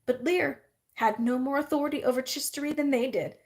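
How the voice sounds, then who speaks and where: A woman reading a novel aloud in a steady, even narrating manner. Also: high voice, a little fast. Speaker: reader. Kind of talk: audiobook-style novel reading.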